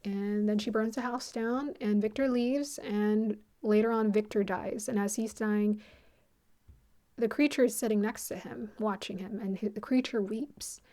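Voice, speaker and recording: A woman hosting an astrology channel, casually retelling a film in a rambling, animated way with quick quoted asides. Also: medium pitch.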